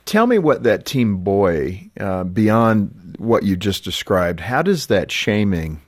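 Male host, very deep voice, measured questions, dry studio. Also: very animated, no echo. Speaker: radio host. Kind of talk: radio interview.

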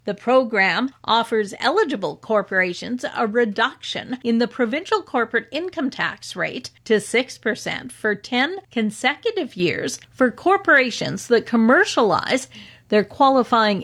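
Higher-pitched woman reading farm news. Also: husky. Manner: measured, even newsreader delivery. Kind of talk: scripted radio news reading.

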